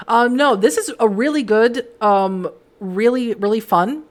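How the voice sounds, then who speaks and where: A woman streamer chatting with her viewers at the end of a stream, enthusiastic and full of fillers and restarts. Her voice is hoarse and worn, as if it is about to give out. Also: fairly high pitch, measured pace. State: hoarse, voice giving out. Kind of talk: casual livestream chat.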